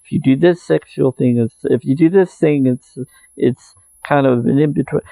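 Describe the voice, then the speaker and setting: A man speaks in an unhurried, earnest spiritual monologue, circling back to repeat his phrases. His voice is gravelly and mellow, at a middling pitch. The sound is dry and close. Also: no room sound, poor audio. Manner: earnest, meandering, repeats phrases, soft laughs. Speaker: spiritual video maker.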